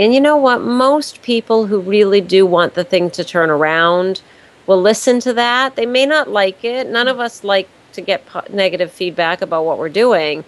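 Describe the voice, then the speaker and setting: A woman's voice: medium pitch, animated, normal speed, rough recording. Woman consultant explaining step by step. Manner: emphatic, repeats key words. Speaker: business consultant. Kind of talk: interview answers.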